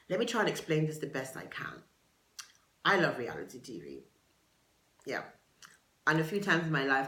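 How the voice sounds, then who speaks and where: A woman's voice: sits low, fairly bright tone. Chatty woman in an echoey room. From United Kingdom. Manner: chatty, digressive, gossipy, with dramatic asides. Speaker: podcast host. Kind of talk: casual solo podcast chat. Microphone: camera for a video podcast.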